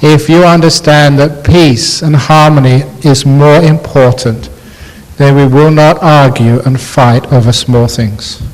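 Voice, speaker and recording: A man, a Buddhist monk, giving a dharma talk with slow, gently humorous storytelling in a university lecture hall. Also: on the high side, steady tone.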